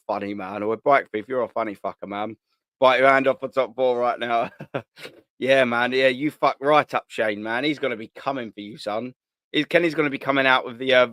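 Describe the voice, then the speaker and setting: A man's voice: medium pitch, fairly bright tone, dry recording. A man hosting a casual live stream, reading out viewer comments in a blunt, slangy, sweary way with frequent laughter. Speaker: host of a live fan channel.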